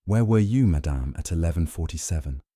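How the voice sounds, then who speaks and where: A man voicing a gentle, precise detective. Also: low voice, expressive, a little fast, breathy edge, no echo, studio quality. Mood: probing. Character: brilliant fastidious older male detective.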